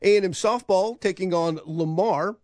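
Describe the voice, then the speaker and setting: A man's voice: high-pitched, normal speed, a little mellow, no room sound. A man working as a radio sports anchor, previewing the games and trading wry remarks with the host. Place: radio studio.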